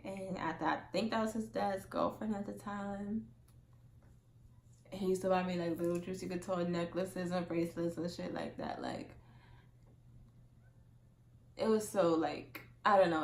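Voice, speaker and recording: A young woman telling a casual storytime monologue as a vlogger, chatty and full of "like", acting out quotes loudly. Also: on the low side, expressive, moderate pace, reverberant.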